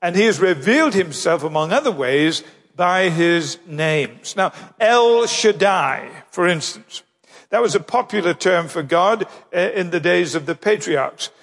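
High-voiced preacher man in a reverberant hall. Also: expressive, fairly bright tone. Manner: measured, slows down to stress key phrases. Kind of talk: sermon.

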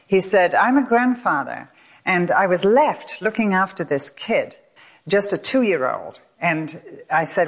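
An older woman giving a sermon, telling a story with expressive voices for the people in it. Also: fairly low pitch, normal speed. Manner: expressive storyteller, acts out voices in her stories. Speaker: Bible teacher.

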